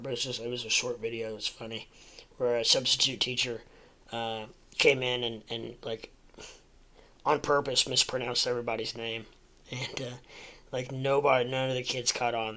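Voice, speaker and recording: A man's voice: mid-range voice, pushed and bright, poor audio. A man hosting a casual crypto livestream, rambling through market talk with lots of fillers, restarts and jokey asides.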